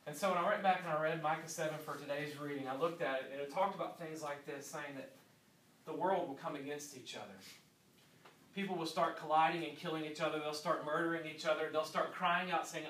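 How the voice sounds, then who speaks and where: A man's voice: on the high side, a little fast, a bit bright, far from the mic. A man in his thirties, a pastor delivering an earnest sermon and repeating key lines for emphasis. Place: church sanctuary. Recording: echoey church room, voice from off-mic.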